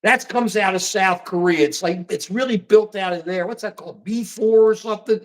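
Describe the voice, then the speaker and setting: A man's voice: high-pitched, normal speed. A man from the United States hosting a casual political livestream, rambling and repeating himself with folksy slang. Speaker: livestream host.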